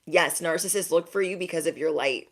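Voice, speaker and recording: Young woman, lowish voice, spiritual reader hyping up her viewers, slangy and emphatic, keeps saying okay?. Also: a little fast, a bit bright. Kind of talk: direct-to-camera spiritual pep talk.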